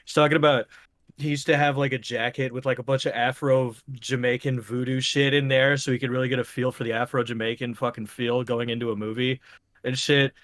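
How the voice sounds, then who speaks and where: A man's voice: medium pitch, level tone, fairly quick, fairly bright tone, no echo. A young man co-hosting a podcast in casual chat, rambling, swearing and laughing often. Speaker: podcast co-host.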